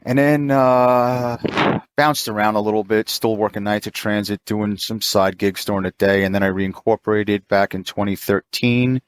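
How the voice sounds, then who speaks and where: Lively storyteller man, dry low voice. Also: moderate pace, clean tone, no room sound. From New York. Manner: animated, acts out quoted voices in a higher pitch. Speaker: mobile auto technician, podcast guest. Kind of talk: casual storytelling.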